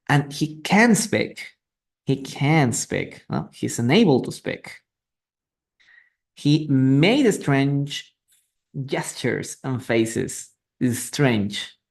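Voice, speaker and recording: A man's voice: medium pitch, vocal fry. A man teaching English in a live online reading lesson, patiently repeating and translating words and asking students questions. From Peru. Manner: asks students questions and greets viewers. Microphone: phone or computer mic for a live stream.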